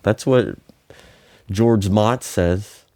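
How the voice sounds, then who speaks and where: A man with a very low voice, co-hosting a casual podcast and reading out questions. He explains things earnestly and steadily, recorded close and dry. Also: extremely slow, warm tone, no room sound. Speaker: podcast co-host. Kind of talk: casual chat.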